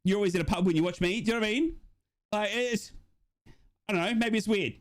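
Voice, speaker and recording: A man runs a live stream in a loose, matey way, talking straight to his viewers. His voice sits high for a man. He jumps from easy chatter to excited shouts. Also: fast. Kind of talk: casual live-stream chat.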